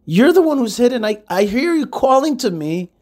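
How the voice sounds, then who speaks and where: A man's voice: very high-pitched, sing-song, normal speed, a little mellow, voice pushed up, exaggerated voice. A man voicing the first man, earnestly crying out to a hidden God. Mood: pleading.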